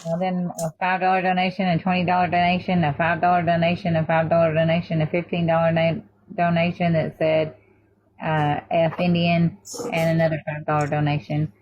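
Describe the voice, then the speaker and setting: Low-voiced woman rallying stream donations. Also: level tone, fairly quick, highs cut off, slight background noise. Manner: thanks donors and rallies viewers toward a goal. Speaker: live streamer raising donations. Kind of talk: casual live-stream chat.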